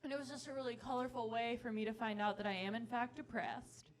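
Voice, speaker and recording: A woman's voice: a little high, fast talker. A young woman performing a self-deprecating stand-up set on a comedy club stage into a handheld mic. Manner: self-deprecating, animated, laughing between lines. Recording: club recording with crowd laughter. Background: audience laughter.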